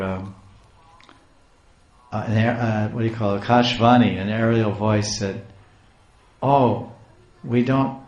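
A male preacher retells a devotional story in a lively, emphatic way. His voice sits somewhat low. It carries a roomy echo. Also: lo-fi sound.

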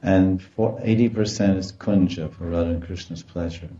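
A man delivers a devotional lecture in a lowish, mellow voice, telling stories with animation and laughter. The sound is muffled, as if from a room with plenty of echo. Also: normal speed, a little hiss or hum. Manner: animated storytelling, acts out quoted voices with laughter. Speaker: spiritual teacher.

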